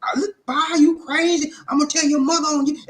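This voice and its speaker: Man squeaking as a shrill scolding older auntie. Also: fairly even intonation, fast talker, a bit bright, reverberant. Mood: alarmed scolding. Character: loud worried older aunt, scolding.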